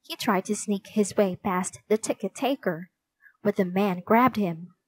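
A woman narrating a children's storybook in a slow, clear reading voice. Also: mid-range voice, no echo, poor audio.

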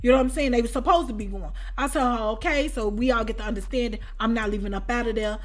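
A woman telling a personal story in a casual storytime chat. She talks in an animated way and keeps checking in with "you know what I'm saying?". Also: on the high side, quick pace. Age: adult with children. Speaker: storytime channel host.

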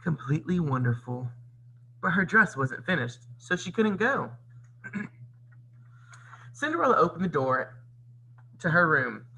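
Gravelly, lively man reading a storybook aloud. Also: sits high, measured pace, long pauses, a little hiss or hum, low-quality recording. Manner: expressive, teacherly. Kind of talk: read-aloud storybook narration with comments.

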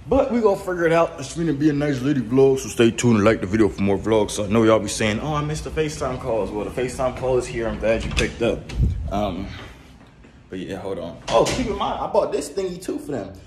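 A man's voice: very animated, a little fast, darkish tone, slight background noise. Laid-back young man vlogging casually. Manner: laid-back, rambling, talks to his cat in high coaxing tones. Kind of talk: casual vlog chat. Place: at home, then in a car.

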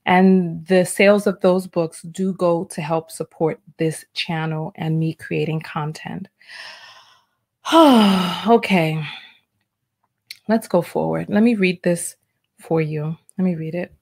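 A woman's voice: slow, darkish tone. A woman relationship coach hosting a live stream, chatting and reading posts aloud, sometimes tripping over her words. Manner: chatty, stumbles over words, voices quoted texts with big pitch jumps. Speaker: relationship coach, livestream host. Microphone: livestream mic.

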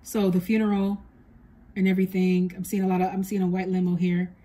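A soft-spoken woman doing a psychic medium reading for her viewers. Her voice is husky and mellow and sits fairly low, with little rise and fall. She passes on a spirit's words in an earnest, gentle way. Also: flat delivery, fairly quick.

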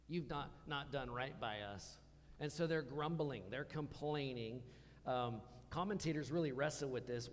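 Man preaching in a reverberant church hall. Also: a little high. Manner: conversational, asks the congregation questions. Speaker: pastor. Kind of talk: sermon.

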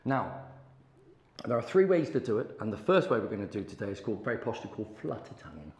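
A middle-aged saxophone teacher gives a hands-on lesson, chatty and encouraging while he demonstrates sounds. His voice is fairly low, sing-song and a little mellow, with a quick pace, in a room with echo and faint background noise.

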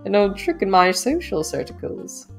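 A woman voicing a pompous, wealthy rat suitor in an affected high-pitched upper-class drawl. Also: sing-song, a little slow, soft background music. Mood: vain.

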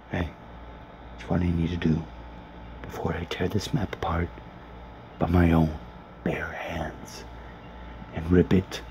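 A man whispering gameplay commentary from a small closet, grumbling and swearing in a hushed voice. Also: sits low, vocal fry. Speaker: let's player. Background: faint background noise.

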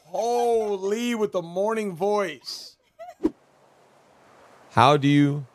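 A male streamer chatting with friends during a live game, loud and swearing, often breaking into shouts. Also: high-pitched, lively intonation, extremely slow. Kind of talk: live gaming stream chat.

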